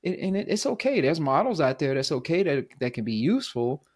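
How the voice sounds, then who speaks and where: A man hosting a podcast, talking reflectively in a thoughtful, halting way with many restarts. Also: a little high, sing-song, a little mellow, husky. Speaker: podcast host. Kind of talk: reflective conversation.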